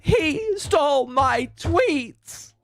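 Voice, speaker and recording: A woman voicing a whiny, self-pitying British man, drawn out slowly in a mocking whine. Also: high-pitched, expressive, no room sound, studio quality, faint music behind, voice pushed up, heavily acted. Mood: whiny mockery.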